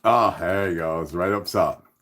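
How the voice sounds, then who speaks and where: A man's voice: low-pitched, normal speed, a bit bright. A man, talking casually to his viewers in a loose, rambling vlog. He drifts from point to point and keeps addressing the audience directly. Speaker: channel host.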